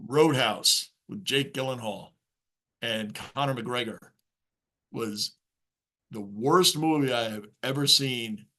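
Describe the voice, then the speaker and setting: A man's voice: medium pitch, takes it slowly, pushed and bright. A man hosting a live sports reaction stream from his basement, ranting casually and reading viewer chat aloud.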